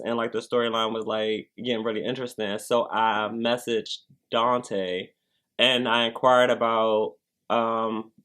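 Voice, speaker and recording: A young adult man, a cast member, chatting casually in an interview, rambling with lots of filler words. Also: mid-range voice. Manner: relaxed, rambling, heavy use of "like" fillers.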